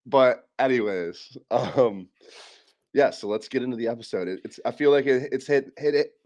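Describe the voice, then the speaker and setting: A young man as guest co-host on a casual chat show, rambling through animated stories. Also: medium pitch, normal speed. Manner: rambling storyteller, animated quoting.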